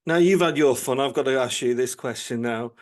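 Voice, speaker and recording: A man's voice: mid-range voice, a little fast. A man hosting a podcast, asking friendly, teasing interview questions. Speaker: podcast host, priest. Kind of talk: casual interview.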